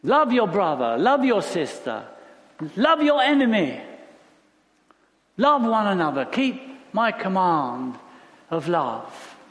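A man's voice: high voice, big pitch swings, slow pace, pauses often. A man preaching a sermon in a conversational way, asking rhetorical questions and repeating phrases for emphasis. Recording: long reverb of a large hall.

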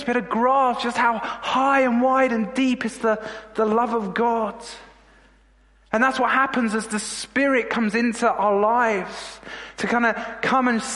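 A man's voice: sits high, a bit bright, in a large hall. A middle-aged male pastor preaching an earnest, heartfelt sermon, sometimes repeating words when moved.

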